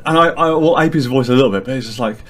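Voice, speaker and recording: A man telling a lively anecdote as a podcast guest, acting out his friends' lines. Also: mid-range voice, racing. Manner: animated storyteller, acts out friends' lines.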